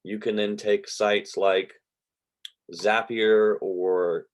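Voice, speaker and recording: A man, teaching an online real estate class in a relaxed, rambling way over a video call. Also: lowish voice, extremely slow. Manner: relaxed, rambling, drawls with y'all. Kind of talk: casual online class lecture. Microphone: computer mic on a video call.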